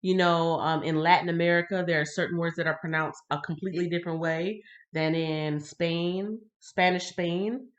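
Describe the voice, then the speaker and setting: A woman with a fairly low voice hosts a casual livestream Bible reading. She keeps it chatty and lively, reads a passage, then breaks off to greet viewers by name. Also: moderate pace, dull audio.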